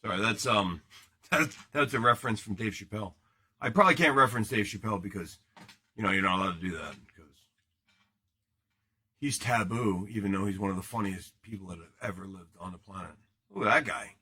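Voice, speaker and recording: A man's voice: lowish voice, expressive, a little fast, long pauses, sharp tone. A man hosting a casual live card break, joking and rambling as he chats with viewers while opening packs. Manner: joking, rambling, banters with chat.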